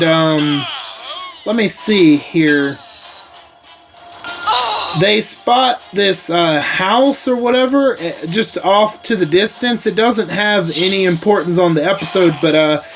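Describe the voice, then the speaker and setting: High-voiced man in an unhurried casual recap. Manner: rambling, heavy on fillers like "like" and "uh", with casual swearing. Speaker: host recapping a TV episode. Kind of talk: casual spoken episode recap.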